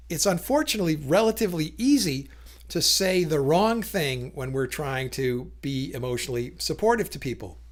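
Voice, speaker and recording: A man explaining communication in a casual talk to camera, thoughtful, with frequent fillers and restarts, briefly acting out quoted lines. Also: fairly high pitch.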